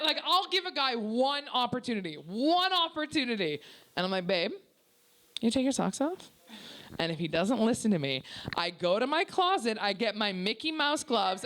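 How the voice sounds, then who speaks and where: A woman's voice: sits high, bright, forceful tone. A young woman doing a crude, brash stand-up set at a small comedy venue, often laughing at her own jokes.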